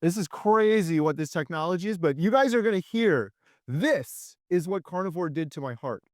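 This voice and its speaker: A man's voice: high-pitched, normal speed, no room sound, studio quality. A middle-aged man hosting his own channel, chatting with enthusiasm to his viewers. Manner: enthusiastic, animated. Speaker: channel host. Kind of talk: casual video chat.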